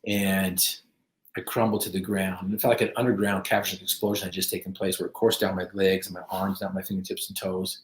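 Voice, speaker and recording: A man's voice: low-pitched, level tone, brisk, echoey room. A middle-aged man from the United States, telling his own story as a podcast guest, acting out his quotes, with many fillers. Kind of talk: storytelling in an interview.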